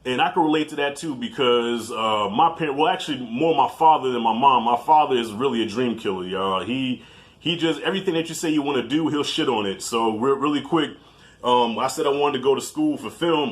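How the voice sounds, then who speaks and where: A man in his thirties giving a casual, animated film review in slangy talk, laughing easily. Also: mid-range voice, a little fast.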